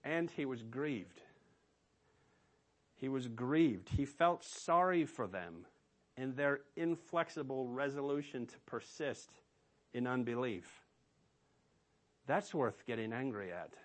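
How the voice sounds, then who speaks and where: A man's voice: mid-range voice, lively intonation, slow pace, long pauses. A man preaching a sermon as pastor, emphatic and asking rhetorical questions of his listeners.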